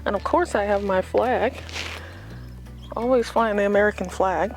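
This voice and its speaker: A woman's voice: medium pitch, moderate pace, faint music behind. A woman giving a casual, unscripted tour of her front yard garden, chatty and rambling with self-deprecating asides, filmed outdoors on a phone.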